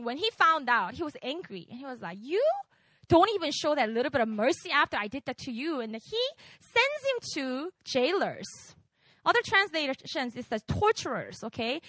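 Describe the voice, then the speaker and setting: Speaking in a high-pitched, bright, pushed voice, a woman from outside the US preaches informally to a young crowd, continually asking "right?" as she talks with them. No room sound can be heard.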